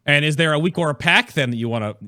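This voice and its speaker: A man hosting a casual gaming podcast, reading chat aloud, laughing often and reacting in an animated way. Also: a little high, fast talker, no echo, clean studio sound. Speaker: podcast host.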